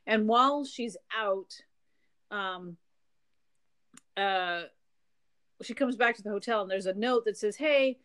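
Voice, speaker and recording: A woman's voice: medium pitch, slow, pauses often, fairly bright tone. A woman co-hosting a podcast, casually retelling a story's plot with chatty asides. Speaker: podcast co-host. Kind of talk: casual book chat.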